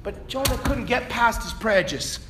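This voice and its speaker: A man preaching a sermon, swinging between fervent shouting and quiet, conversational asides. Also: very high-pitched, lively intonation, normal speed, a little hiss or hum. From Virginia, USA. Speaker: pastor.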